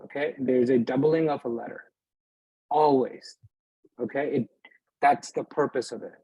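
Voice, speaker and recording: A man's voice: mid-range voice, moderate pace, mellow, breathy edge, no room sound, low-quality recording. A man teaching beginners in a live class, patient, often checking that his students follow. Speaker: Arabic teacher. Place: mosque classroom.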